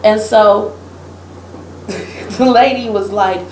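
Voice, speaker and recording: High voiced woman telling a story, does everybody's voices, laughs a lot, echoey room. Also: animated, moderate pace. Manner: storytelling, acts out voices of others, laughs often. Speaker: podcast co-host. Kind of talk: casual political chat. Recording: echoey room with faint ambient hiss.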